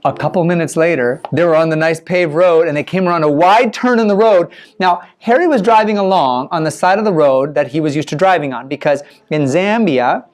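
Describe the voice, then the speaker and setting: A man telling a children's mission story, animated and playful, with spoken sound effects. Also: a little high.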